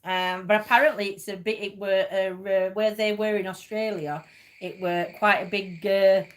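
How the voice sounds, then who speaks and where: A woman's voice: medium pitch, steady tone, moderate pace. Woman, rambling casual chat, laughs a lot, livestream host. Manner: chatty and rambling, laughs often.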